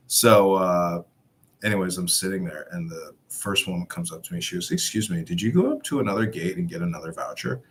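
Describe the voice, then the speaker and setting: Speaking fairly quickly in a low-pitched, slightly rough voice, a man casually recounts a rambling travel story. He animatedly performs what the other people said and laughs along as he goes.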